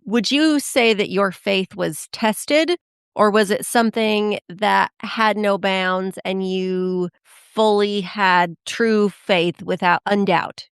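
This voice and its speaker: Woman podcast host, smooth clear voice, brisk questions, dry close mic. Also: medium pitch, no room sound. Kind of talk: interview questions.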